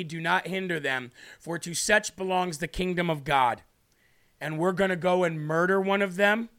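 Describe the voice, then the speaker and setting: A man's voice: high voice, a bit bright. A man hosting a live show, reading scripture aloud and preaching with emphatic, repeated lines. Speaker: livestream show host.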